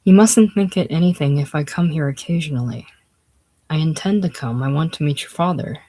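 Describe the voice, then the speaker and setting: A reader doing a gentle, gracious old senator. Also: mid-range voice, fairly quick, natural voice. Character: kindly older male senator, gentle and gracious.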